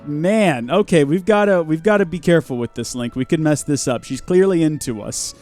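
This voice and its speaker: A man's voice: fairly high pitch, brisk, a little mellow, soft background music. A man hosting a live game stream, with goofy, rambling and chatty commentary.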